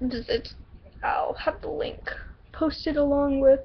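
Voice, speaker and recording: A woman's voice: high voice, steady tone, takes it slowly, dull audio. A woman from the Southern US vlogging and reading her own story aloud, chatty and giggly, often interrupting herself. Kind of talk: casual vlog and story reading.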